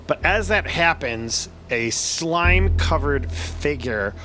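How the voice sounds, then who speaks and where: A man narrating as game master, relaxed and patiently explaining the rules. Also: fairly high pitch, slow, soft background music.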